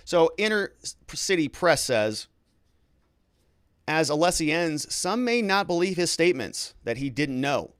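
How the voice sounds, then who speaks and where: A man giving commentary on a criminal trial, acting out courtroom questions in an animated, incredulous way. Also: on the high side, slow, clean tone, no echo, studio quality. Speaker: legal commentator.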